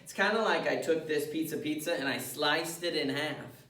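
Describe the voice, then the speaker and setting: A man's voice: on the high side, normal speed, bright, forceful tone, roomy sound, distant mic. A male music teacher leading an elementary class through rhythms, patient and step by step, chanting the rhythm syllables in time.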